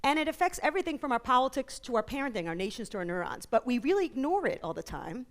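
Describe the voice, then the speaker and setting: Animated New woman telling stories. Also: sits high. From New York, USA. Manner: animated storyteller, quick asides and jokes. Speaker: author and psychologist guest. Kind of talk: conference interview talk. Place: conference stage.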